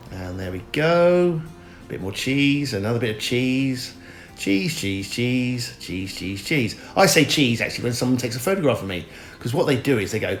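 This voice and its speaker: Middle-aged man, deadpan comic narrator, roomy sound, soft music under. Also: mid-range voice. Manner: rambling, chatty, mock-earnest, talks straight to viewers.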